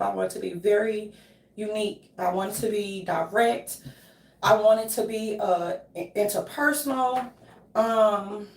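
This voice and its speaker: A woman talking to her viewers in a casual, emotional, rambling monologue whose pitch leaps up suddenly. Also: gravelly, recorded from a distance. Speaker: vlogger. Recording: echoey room, from the mic.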